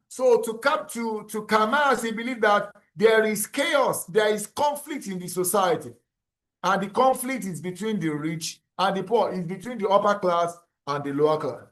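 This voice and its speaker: High-voiced male lecturer. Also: fairly bright tone. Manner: explains slowly, repeats terms and checks if students follow. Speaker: university lecturer. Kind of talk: classroom lecture.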